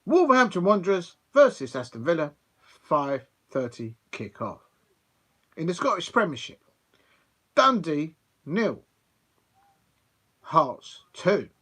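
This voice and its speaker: A man imitating an old-school radio football results announcer, reading scores in a formal, measured cadence. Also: on the high side, sing-song, fairly bright tone, slightly rough, voice pushed up, exaggerated voice. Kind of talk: impression of a radio results reader.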